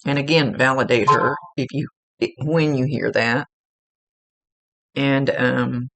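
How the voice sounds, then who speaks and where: A woman psychic medium giving a casual, gently instructive reading, relaying messages with chatty asides. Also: deep voice, gravelly. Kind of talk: casual spoken reading to a client.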